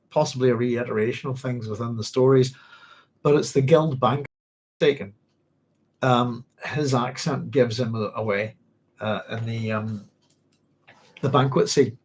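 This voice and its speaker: Chatty Northern Irish man, husky voice. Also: mid-range voice. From Northern Ireland. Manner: rambling, chatty, many fillers and self-corrections. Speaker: book club host. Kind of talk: casual livestream book discussion.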